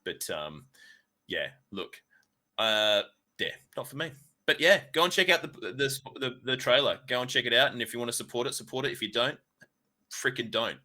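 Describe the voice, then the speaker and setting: Brief: male co-host, very bright tense voice, rambling, sweary, casual gaming chat. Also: mid-range voice, expressive, normal speed. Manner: rambling, swears freely, many fillers. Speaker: podcast co-host.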